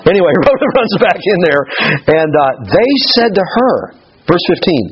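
A man's voice: high-pitched, very animated, normal speed, husky, dull audio. A man preaching a sermon as pastor, telling a scripture story with humor and acting out the people in it.

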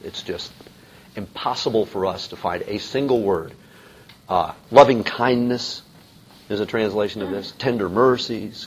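A man's voice: on the low side, husky. A man teaching a Bible lecture in a conversational way, with many fillers and restarts. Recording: dull lo-fi recording.

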